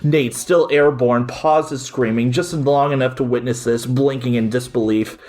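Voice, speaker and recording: A man's voice: medium pitch, steady tone, moderate pace, a little mellow. A young man co-hosting a comedy podcast, reading a silly story aloud with laughing, swearing asides. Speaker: podcast co-host.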